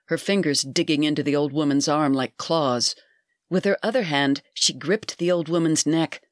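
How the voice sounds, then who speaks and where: A storyteller giving a measured, deliberate scripted narration of a dark fairy tale. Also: mid-range voice, no echo, studio quality.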